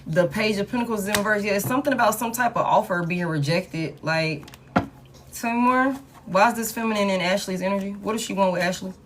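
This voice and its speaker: A woman running a live tarot reading talks loosely and chattily to her viewers. Her voice is pitched right in the middle of the usual range. Faint noise sits behind her. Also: fairly quick. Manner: casual, chatty, talks to viewers and reads cards aloud. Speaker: tarot reader.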